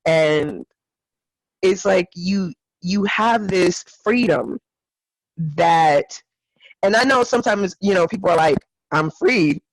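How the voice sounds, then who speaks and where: A woman's voice: fairly low pitch, lively intonation, slow, long pauses, dry recording, low-quality recording. A woman co-hosting a casual spiritual podcast chat, effusive and given to acting out what others said. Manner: effusive, acts out others' lines in quoted voices. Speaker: podcast co-host.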